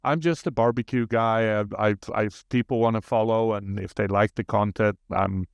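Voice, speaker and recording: Earnest Swedish-accented man, low voice. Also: steady tone, moderate pace, vocal fry, smooth, no echo, muffled recording. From Sweden. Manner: humble, earnest, speaks warmly of friends. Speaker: podcast guest. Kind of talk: casual interview chat.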